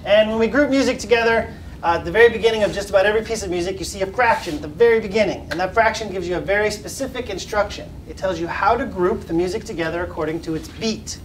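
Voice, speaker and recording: A man's voice: high voice, fast talker, distant mic, a little hiss or hum. Upbeat male music teacher in echoey classroom. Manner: upbeat, patient, chants rhythms for children to repeat. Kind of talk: classroom lesson with call and response.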